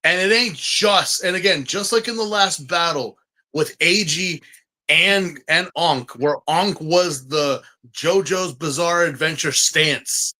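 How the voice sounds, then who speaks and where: A man in a casual podcast chat, excitable and rambling, with frequent restarts and fillers. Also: a little high, takes it slowly. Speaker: podcast co-host.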